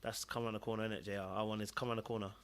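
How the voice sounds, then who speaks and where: A man's voice: lowish voice, flat delivery, racing, a crowd in the background. A man with a South London accent co-hosting a casual podcast panel, playful and repeating catchphrases. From London, England. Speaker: podcast co-host.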